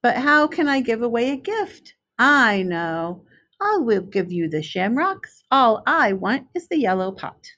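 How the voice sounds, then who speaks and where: A woman's voice: a little high, sing-song, measured pace, a bit bright, pitched above the performer's own voice. A woman voicing a polite, odd male goat in a storybook reading, courteous and matter-of-fact.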